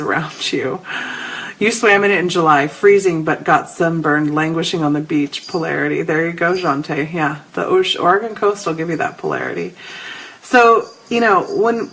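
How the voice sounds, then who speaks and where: On a spiritual livestream, a middle-aged woman tells lively stories and chats easily with viewers, calling them by name. Her voice is fairly low and husky, and the audio is poor.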